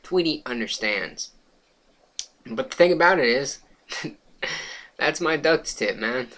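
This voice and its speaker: A man's voice: a little high, slow pace, a little hiss or hum. A young man telling a rambling comic story to camera. He swears freely and laughs while telling it. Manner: swears freely, laughs while telling, gets loud and excited at the funny parts. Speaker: vlogger.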